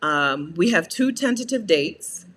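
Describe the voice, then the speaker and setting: A woman's voice: expressive, measured pace, a bit bright, slight background noise. A woman hosting a casual livestream, chatting with viewers and answering their comments, laughing often and playful. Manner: laughs often, playful, swings into high-pitched exasperated asides. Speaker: coach and channel host.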